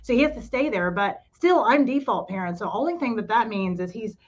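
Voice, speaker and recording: A woman's voice: fairly high pitch, lively intonation, a little fast. Chatty middle-aged woman, slightly dull recording. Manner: chatty, rambling, self-deprecating. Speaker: podcast co-host and cafe owner. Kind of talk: casual chat.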